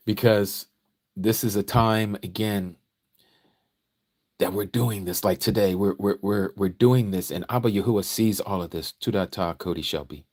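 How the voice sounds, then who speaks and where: A man leading a scripture study sermon, reading slowly and deliberately, then turning emotional and climbing loud and high as he preaches. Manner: emotional, preacherly, rises in pitch and volume when exhorting; slow deliberate reading with pauses.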